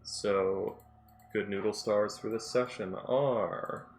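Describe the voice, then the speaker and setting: A man's voice: lowish voice, fairly even intonation, slow pace, slight background noise. A man playing a tabletop game, rambling, laughing often and swearing casually. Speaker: player.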